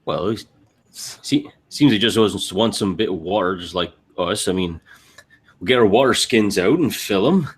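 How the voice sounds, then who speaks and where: A man's voice: on the low side, animated, moderate pace, slightly rough. A man playing a tabletop game, describing his actions in a hesitant, rambling way. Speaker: player. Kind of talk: casual tabletop role-play.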